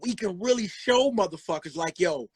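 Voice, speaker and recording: Husky high-voiced man, casual chat. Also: lively intonation, moderate pace, no echo.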